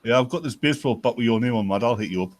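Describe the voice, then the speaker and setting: A man in a casual group chat who keeps firing off quick wisecracks. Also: medium pitch, dry recording.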